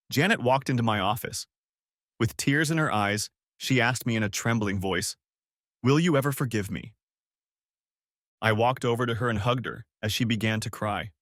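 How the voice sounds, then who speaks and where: A man's voice: medium pitch, fairly bright tone, dry recording, clean studio sound. A man narrating a first-person audiobook story in a bitter, curt manner.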